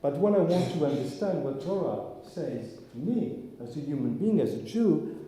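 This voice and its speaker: A man's voice: on the high side, lively intonation, normal speed, dark tone, soft background music. A man, a rabbi, giving an informal sermon to his congregation in a synagogue, earnest and searching. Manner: earnest, searching, with frequent restarts. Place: synagogue hall. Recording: echoey hall, long reverb.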